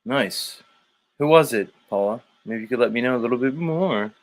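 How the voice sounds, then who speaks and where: A man's voice: medium pitch, moderate pace. Rambling, joking male livestream host. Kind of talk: casual livestream chat, reading viewer comments.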